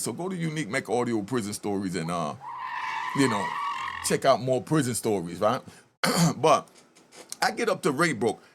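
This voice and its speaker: A man with a mid-range, fairly bright voice and some vocal fry hosts a channel, commenting casually over a video. He tells his own prison stories, acts out what people said, and keeps urging viewers to comment.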